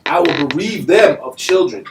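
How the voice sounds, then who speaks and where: A man reading scripture aloud in a steady, measured way during a group study. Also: a little high, distant mic. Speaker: scripture reader. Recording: echoey room, speaker off-mic, faint noise.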